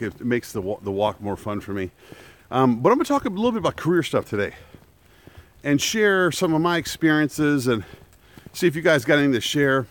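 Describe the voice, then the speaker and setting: Man, lively rising and falling voice, casual live-stream chat, outdoors in the woods, camera on a selfie stick, laughs and jokes. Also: medium pitch. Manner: chatty, animated, laughs often, jokes about danger. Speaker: vlogger on a live-streamed walk. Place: outdoors in a quiet wooded park.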